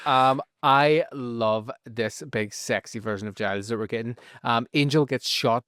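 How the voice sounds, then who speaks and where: A man with a Northern Irish accent recapping a TV episode in a casual podcast chat, telling it in a lively, profane way. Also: mid-range voice, a little slow, no echo, clean studio sound. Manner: animated, profane storytelling with frequent laughs. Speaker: podcast co-host.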